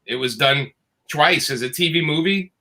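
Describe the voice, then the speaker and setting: Bright-voiced man telling animated stories. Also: a little high, moderate pace. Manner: animated, acts out quoted dialogue. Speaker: guest comics creator. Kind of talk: casual storytelling.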